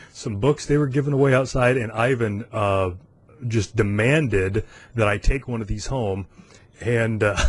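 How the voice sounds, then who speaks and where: A man in his forties from the United States, hosting a podcast in a casual, self-amused chat with frequent fillers and chuckles. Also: mid-range voice. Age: 40s. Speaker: podcast host.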